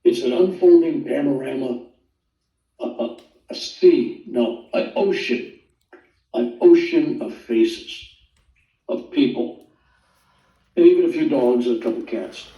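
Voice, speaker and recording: An older man casually telling his near-death story in a rambling, animated way, acting out the voices he quotes. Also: mid-range voice, takes it slowly, long pauses, muffled recording. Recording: roomy sound, distant from the mic.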